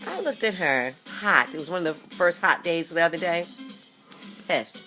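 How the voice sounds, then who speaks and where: A woman's voice: lowish voice, animated, a little fast, sharp tone, soft background music. A woman vlogging casually about her weight loss, chatty, sassy and candid, talking straight to her viewers.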